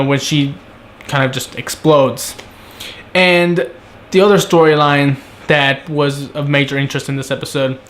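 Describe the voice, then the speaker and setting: A young man giving a casual solo review of a TV episode, talking conversationally and acting out characters' lines in quick asides. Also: on the high side, a bit bright, slight background noise.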